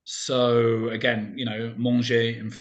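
A man's voice: mid-range voice, monotone, slow. A man chatting casually as an interview guest, talking in loose, rambling sentences full of fillers and restarts.

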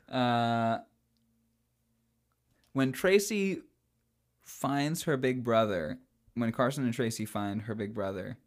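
A man's voice: medium pitch, slow, pauses often. A young man co-hosting a casual podcast about old films, chatty and giggly, with plenty of ums and trailing thoughts. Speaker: podcast co-host. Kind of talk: casual film discussion.

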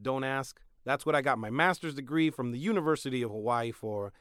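Young male podcast host, mid-pitched, dry close sound, wry comic delivery with sudden loud bursts. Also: a little fast, no echo. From Mexican-American. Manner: sarcastic, joking, swings from loud to mumbled asides. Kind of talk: comedic monologue.

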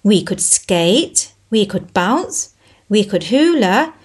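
A lonely little boy sock with a soft, plaintive, very high voice, as a woman reads him. His lines rise and fall a lot, slow and gentle. A storybook figure. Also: huge pitch swings, exaggerated voice. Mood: sad. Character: sad lonely young male odd sock.

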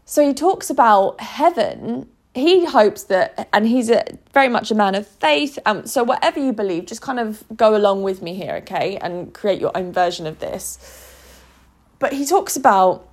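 A woman's voice: mid-range voice, lively intonation, moderate pace. A woman talking to camera in an earnest, emotional vlog monologue, often restarting her sentences. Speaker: vlogger.

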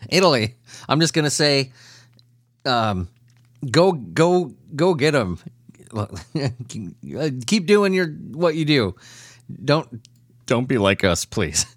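A man's voice: medium pitch, no room sound, clean studio sound. Profane, laughing male podcast host. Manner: profane, laughing, animated ranting. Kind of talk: casual comedic news commentary.

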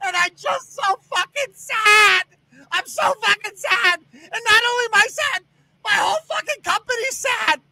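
A man's voice: very high-pitched, expressive, normal speed, creaky, bright, forceful tone, a little hiss or hum, pitched above the performer's own voice, full character voice. A man putting on a melodramatic, sobbing woman who wails and shrieks in a mocking send-up. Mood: hysterical wailing. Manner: shrieking, wailing mockery.

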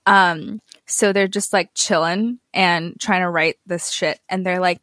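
A woman's voice: fairly low pitch, steady tone, measured pace, few pauses, fairly bright tone, no room sound. A young woman co-hosting a podcast, chatting casually with sarcastic asides and plenty of fillers. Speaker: podcast co-host. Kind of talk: casual chat.

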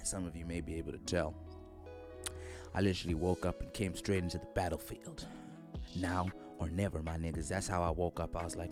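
A man's voice: low-pitched, fairly even intonation, fairly quick, over music. A young man vlogging from his bedroom into a studio microphone, joking and rambling in slang with lots of fillers. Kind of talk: casual rambling vlog.

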